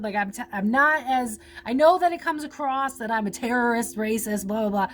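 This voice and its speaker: A woman's voice: a little high, fairly quick, few pauses. A woman giving a casual psychic reading, rambling, full of fillers and casual swearing. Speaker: psychic reader.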